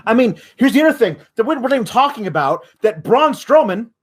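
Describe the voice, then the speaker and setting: A man's voice: very high-pitched, sing-song, fast talker, slightly rough. A man hosting a wrestling podcast, ranting in exasperation with frequent swearing. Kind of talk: podcast rant.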